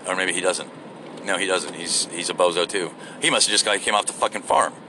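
A man's voice: sits low, brisk, background noise. A man ranting casually while driving, rambling and profane, rude and crude by his own account. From United States. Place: in a car on the road.

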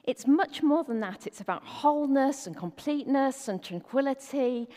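A woman's voice: high-pitched, animated, normal speed, dark tone. A middle-aged woman giving a conversational sermon as a preacher, often asking the listeners rhetorical questions. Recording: long reverb of a hall.

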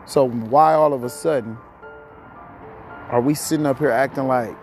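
A man rants on his podcast in a rough, gravelly voice, cursing freely as his thoughts tumble out. He sounds a little short of breath as he vents, and faint music plays in the background. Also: medium pitch, moderate pace, a little mellow. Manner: profane, heated, rambling. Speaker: podcast host. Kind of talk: ranting monologue.

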